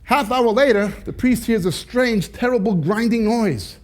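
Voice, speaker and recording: A man preaching, telling jokes with animated timing and then reading scripture slowly and deliberately. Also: very high voice. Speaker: pastor.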